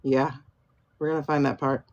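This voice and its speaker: A woman's voice: extremely low pitch, level tone, moderate pace, darkish tone, muffled recording. A woman hosting a livestream tarot reading, musing aloud and chatting with viewers by name. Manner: muses aloud, asks herself questions and answers them. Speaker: tarot and pendulum reader, livestream host. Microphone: phone livestream.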